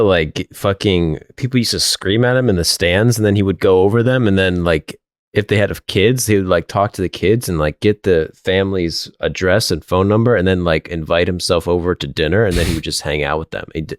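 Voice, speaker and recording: Deep voiced dude rambling through a story, lots of likes, dry mic. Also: male voice, a little fast, no room sound. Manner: loose, rambling storytelling full of fillers. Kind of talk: casual podcast chat.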